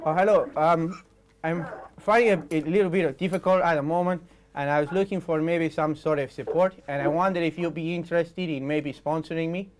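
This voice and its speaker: A struggling footballer with a put-on Spanish accent, as a man plays him makes a prank call. He speaks broken English in short, halting bits at a high pitch. Faint noise sits under the voice. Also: steady tone, natural voice. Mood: bumbling. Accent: fake Spanish. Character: adult male footballer prank-calling a restaurant.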